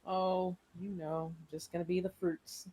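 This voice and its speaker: Hesitant higher-voiced man player. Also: flat delivery, a little slow, dark tone, slight background noise, rough recording. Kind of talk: tabletop role-play.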